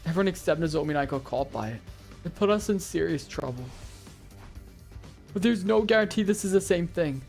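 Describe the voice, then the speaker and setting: A man reads out a game's narration and lines in a dry, plain manner. His voice sits a bit high, with faint music running underneath. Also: expressive, fairly quick, gravelly, pauses often, a little mellow. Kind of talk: reading game dialogue and narration aloud.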